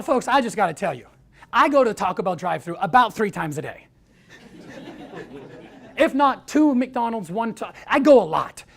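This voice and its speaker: A man telling a story to an audience, acting out the quoted voices with lively energy. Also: very high-pitched, gravelly. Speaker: speaker.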